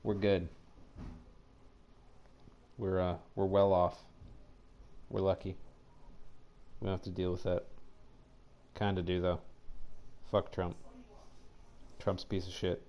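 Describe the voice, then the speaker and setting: A man's voice: low voice, little pitch movement, slow, long pauses, dull audio. A man chatting casually on a live game stream, joking crudely and reading chat aloud with plenty of ums. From Canada. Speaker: co-op streaming partner.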